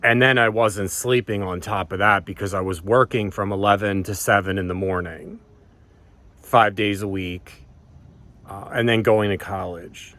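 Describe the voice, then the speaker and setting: A man's voice: on the low side, steady tone, moderate pace, fairly bright tone. A man telling a personal story in a casual, rambling way, swearing freely and often restarting his sentences. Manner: rambling, profane, many restarts and ums. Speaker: vlogger.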